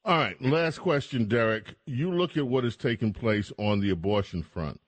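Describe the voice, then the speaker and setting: A man's voice: medium pitch, moderate pace. A male talk radio host puts long, pointed questions to his guest. His manner is emphatic and mocking. The sound is dry, with no room echo.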